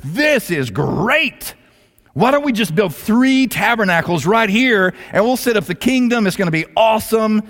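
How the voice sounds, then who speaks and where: A man voicing an eager, bold young fisherman disciple who talks in excited bursts. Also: high-pitched, normal speed, pitched above the performer's own voice, exaggerated voice. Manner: excited, breathless boasting. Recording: long hall reverb.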